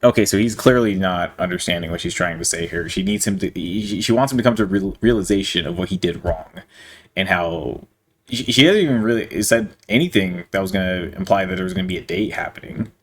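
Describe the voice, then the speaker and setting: A man's voice: low voice, a little fast. A young man in casual reaction commentary, reading messages aloud, amused, laughing often and stumbling over words.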